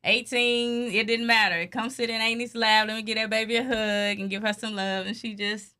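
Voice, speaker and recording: A mother talking in a casual family chat, expressive and affectionate, with frequent laughter. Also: a little high, normal speed. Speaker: guest, mother.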